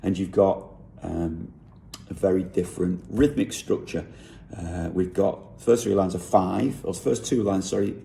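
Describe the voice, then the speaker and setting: A man with a low, gravelly voice talks through the lyrics he wrote. His tone is dark and mellow, and he thinks aloud, often pausing to correct himself as he breaks down rhyme and rhythm. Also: steady tone, a little hiss or hum. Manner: thinking aloud, unhurried, with frequent self-corrections. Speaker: songwriter. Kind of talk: explaining how he wrote a song lyric.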